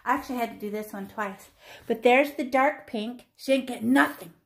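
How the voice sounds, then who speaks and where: Woman in her fifties, art teacher, high voice, playful and teasing, chatty, echoey room. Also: normal speed, creaky. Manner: playful, chatty, teasing, talks to herself as she paints. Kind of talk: teaching a painting class to children. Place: classroom.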